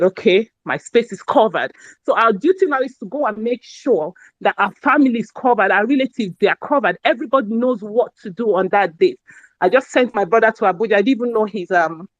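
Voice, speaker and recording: A woman, talking in an excited, effusive and rambling way during a casual live chat. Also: fairly high pitch, brisk, no echo, muffled recording. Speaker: speaker in a live audio space.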